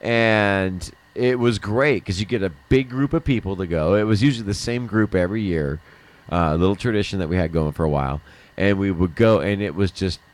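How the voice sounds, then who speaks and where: A man's voice: low-pitched, a little fast. A middle-aged man hosting a livestream from a studio, chatting casually and laughing often, with some swearing. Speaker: livestream host. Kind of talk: casual chat.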